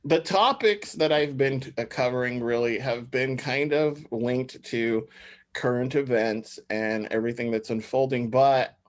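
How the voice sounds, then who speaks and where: A man's voice: mid-range voice, measured pace. A man in his thirties hosting a podcast, chatting casually and rambling with many fillers. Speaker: podcast host. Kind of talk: casual chat.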